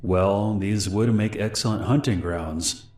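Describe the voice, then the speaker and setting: A man voicing a creepy smiling male stranger in his twenties, who speaks in a falsely friendly and quietly menacing way. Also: fairly low pitch, a little slow, echoey room, close to an everyday voice. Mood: cold, probing. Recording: faint music underneath.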